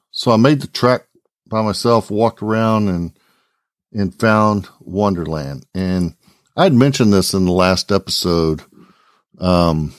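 A man co-hosting a hobby podcast, telling a relaxed, rambling story in casual chat. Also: sits low, no echo, studio quality. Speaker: podcast co-host.

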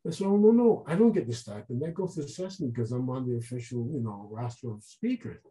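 A man telling a long story as an interview guest, animated and acting out the voices of people he quotes. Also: mid-range voice, a little fast, rough recording. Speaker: guest artist. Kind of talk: casual storytelling.

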